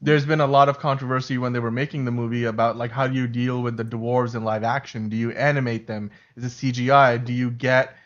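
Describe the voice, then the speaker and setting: A man's voice: medium pitch, flat delivery, brisk, hardly any pauses, dull audio. A man hosting a casual livestream chat, greeting viewers by name and laughing easily. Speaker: host.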